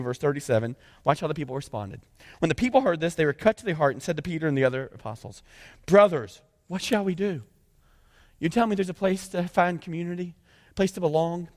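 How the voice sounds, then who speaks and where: A man preaching a sermon, reading scripture aloud and breaking into lively conversational asides. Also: high voice, long reverb tail. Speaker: pastor.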